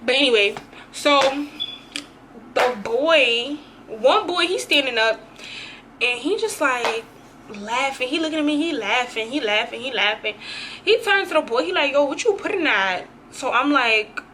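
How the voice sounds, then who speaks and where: A woman's voice: sits high, unhurried, a little hiss or hum. A young woman vlogger telling a dramatic, slangy story in a casual storytime. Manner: animated, slangy, dramatic retelling.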